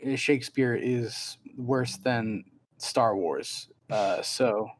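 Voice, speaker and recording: A young man on a podcast who chats casually and makes dry, deadpan jokes. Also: medium pitch, takes it slowly. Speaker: podcast co-host. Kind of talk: casual chat.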